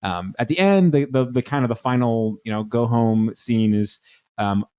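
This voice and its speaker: A man's voice: medium pitch, normal speed, clear, resonant tone, no room sound. Rambling male podcast co-host, dry mic. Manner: rambling, many fillers, acts out quotes in animated voices. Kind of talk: casual chat recapping a TV episode.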